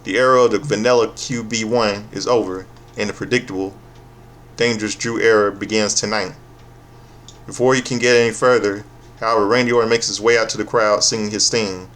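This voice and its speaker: A man's voice: on the low side, fairly even intonation, a little fast, a bit bright. A man giving a casual, profane, sarcastic recap of a wrestling show, often stopping and restarting his sentences.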